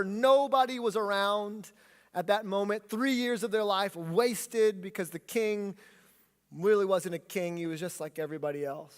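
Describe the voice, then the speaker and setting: A man preaching a sermon as pastor, with animated delivery, leading his congregation to repeat lines back. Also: sits high. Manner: animated preaching, leads congregation in call-and-response. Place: church sanctuary. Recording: long hall reverb.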